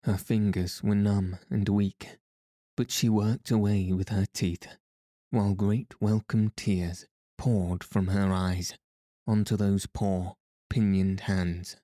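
A man's voice: on the low side, flat delivery, warm tone, no room sound, studio quality. A man reading a bedtime story aloud as a sleep podcast narrator, in a soothing way. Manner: slow, soothing.

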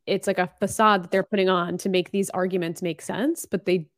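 A woman's voice: on the low side, steady tone, fairly quick. A woman co-hosting a podcast, talking casually in a conversational, exasperated way, leaning on "like" a lot. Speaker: podcast co-host. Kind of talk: casual chat recapping reality TV.

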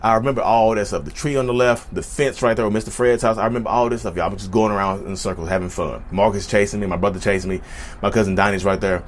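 Fast-talking man telling a personal story. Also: on the low side, steady tone, a little hiss or hum. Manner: chatty, repetitive, keeps addressing viewers as y'all. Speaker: vlogger. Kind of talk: casual storytelling to viewers.

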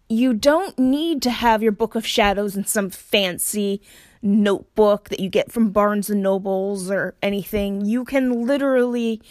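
A woman's voice: mid-range voice, dry recording, clean studio sound. A woman talking casually and reflectively to her viewers, hesitant and searching for words with lots of fillers. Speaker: solo vlogger giving spiritual practice tips. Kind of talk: casual reflective talk to camera.

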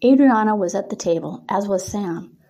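A woman reading her own erotic story aloud in a steady storytelling way. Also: medium pitch, normal speed, vocal fry.

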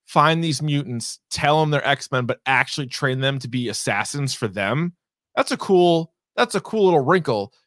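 A man's voice: mid-range voice, animated, moderate pace, a bit bright, dry recording. Rambling, profane man on a dry mic. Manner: rambling, profane, many fillers and quoted asides. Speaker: podcast co-host. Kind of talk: casual movie review chat.

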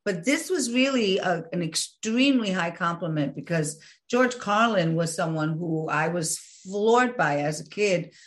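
A woman comedian, a guest on a podcast, who talks in a playful, flattered way. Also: on the low side, a little slow. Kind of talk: casual interview chat.

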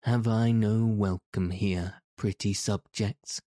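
A man voicing a gentle, sweet-mannered princess who is a rose, in a storybook reading. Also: on the low side, steady tone, slow, dry recording, studio quality. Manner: gentle, sorrowful.

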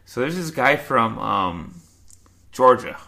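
A young man chats on a podcast with a gravelly, bright voice. He tells loose, slangy stories and keeps imitating the people he describes. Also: mid-range voice, expressive, slow. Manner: slangy storytelling with mimicked voices. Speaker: podcast co-host. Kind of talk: casual chat.

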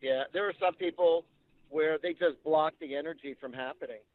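A man's voice: a little high, moderate pace. A man working as a psychic medium, chatting casually and retelling readings with quoted dialogue. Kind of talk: casual storytelling. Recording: tinny phone-like line.

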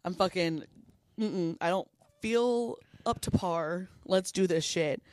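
A woman's voice: lowish voice, slow pace, a little mellow, no echo. A woman co-hosting a podcast in casual chat, blunt and rambling, swearing freely. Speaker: podcast co-host.

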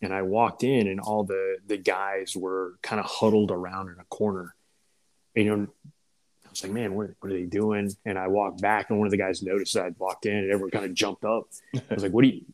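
A man's voice: lowish voice, steady tone, brisk, rough recording. A man, a former first sergeant, telling a loose, profane army story in casual talk and acting out the voices of the people in it. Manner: laid-back, swearing, acts out quoted voices.

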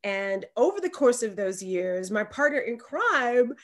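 A woman from Alabama with a Southern accent, co-hosting a podcast in animated, emphatic casual chat. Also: on the high side, unhurried. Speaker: podcast co-host.

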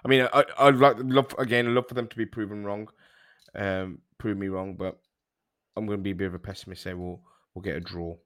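A man co-hosting a casual football podcast, measured and full of fillers. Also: lowish voice, fairly even intonation, a bit bright, no echo, clean studio sound. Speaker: podcast co-host.

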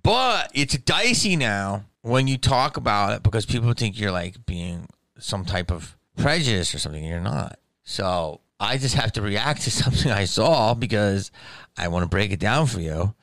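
A man's voice: lowish voice, sing-song, moderate pace, fairly bright tone, dry recording. A man in his fifties delivering a profane, rambling comedic monologue.

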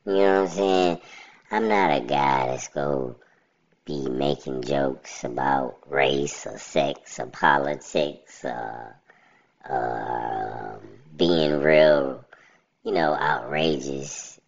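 Man in a deep pitched-down robotic voice. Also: slow pace, creaky, muffled recording. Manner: blunt and rambling, often says "you know what I'm saying". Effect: pitched-down robotic voice filter. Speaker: podcast host. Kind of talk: casual solo podcast monologue.

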